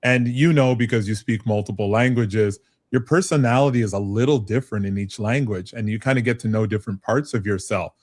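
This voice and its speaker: A middle-aged man from Canada, a business advisor, telling lively, self-mocking stories as a guest in a conversational interview. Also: on the low side, a little fast, hardly any pauses, no echo. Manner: animated storyteller, self-mocking.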